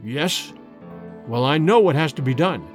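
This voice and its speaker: A man's voice: fairly high pitch, animated, a little slow, faint music behind. A man voicing a grim, fearful grown son who speaks solemnly and urgently in a storybook reading.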